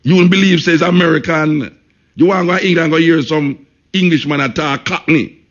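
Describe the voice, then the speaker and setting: A man's voice: a little high, steady tone, a little fast, dull audio. A man with a Jamaican accent hosting a radio talk show, speaking emphatically, repeating points and saying "you know" often.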